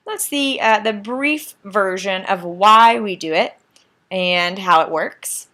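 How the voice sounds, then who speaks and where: A woman explaining grammar at an unhurried, deliberate pace, with a voice of middle pitch. She goes through each form patiently, repeats key points and checks in with "right?" like a teacher at the board. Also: sharp tone. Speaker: Spanish teacher. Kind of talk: slow, patient classroom explanation.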